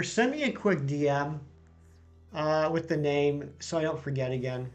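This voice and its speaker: A man's voice: a little high, a little slow, highs cut off. A man hosting a casual live stream, chatting and bantering while reading viewer comments aloud.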